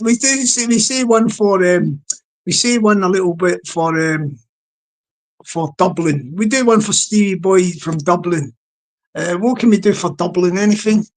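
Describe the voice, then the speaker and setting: A man hosting a casual live stream, rambling through repeated shout-outs to his chat. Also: high voice. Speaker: livestream host.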